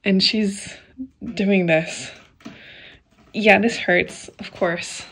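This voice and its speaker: A woman's voice: medium pitch, steady tone, very slow, pauses often, a bit bright, slight background noise. A young woman vlogging at home, bluntly ranting about a book and cooing at her kittens. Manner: cooing baby talk to kittens. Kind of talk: casual vlog chat.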